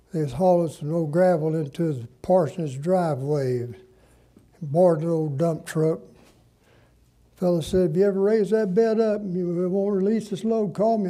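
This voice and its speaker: An older man, a pastor telling stories in a sermon in a folksy, drawn-out way. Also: high voice, dark tone. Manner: folksy, drawn-out preaching with dramatic pauses. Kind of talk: sermon storytelling.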